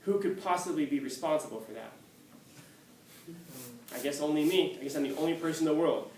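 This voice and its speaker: A man's voice: a little high, brisk, a little hiss or hum. A man teaching a class, telling stories with acted-out quotes and frequent laughter. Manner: animated storytelling, acts out quotes, laughs often. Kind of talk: classroom lecture with anecdotes. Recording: echoey classroom from a distance.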